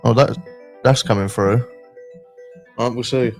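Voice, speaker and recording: A man's voice: medium pitch, fairly even intonation, measured pace, soft background music. A man hosting a live call-in stream, talking in a laid-back, rambling way and swearing casually. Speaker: stream host.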